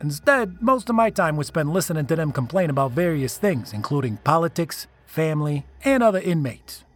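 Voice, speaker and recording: A man narrates a scripted first-person horror story in a slightly raised voice. He builds drama and leans into the tense beats. Soft music plays quietly behind him. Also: fairly high pitch, very animated, fairly quick.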